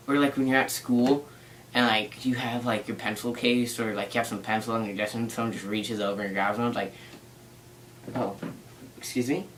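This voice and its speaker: A man's voice: medium pitch, pushed and bright, slight background noise, low-quality recording. A teenage boy telling a story in a casual vlog, rambling with lots of "like" and a playful tone. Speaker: vlogger.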